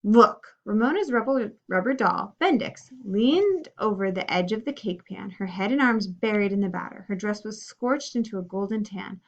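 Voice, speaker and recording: A woman reading a children's story aloud in an expressive, animated way. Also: medium pitch, normal speed, hardly any pauses. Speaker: reader. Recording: dull lo-fi recording.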